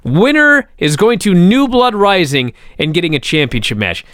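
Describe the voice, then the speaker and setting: A male podcast co-host, full of profane, animated storytelling. His voice sits a bit high and swings widely in pitch. The sound is dry and close. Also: moderate pace, clear, resonant tone, no room sound. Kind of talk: casual podcast chat.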